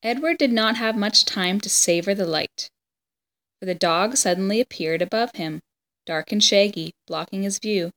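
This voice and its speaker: A woman reading a children's chapter book aloud, with steady, even storytelling. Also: mid-range voice, moderate pace. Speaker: story reader.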